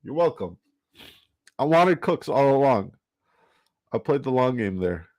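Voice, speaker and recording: A man's voice: mid-range voice, very animated, unhurried, a little mellow. A man chatting casually and profanely on a live stream while drafting fantasy football, joking and laughing as he trash-talks the other players.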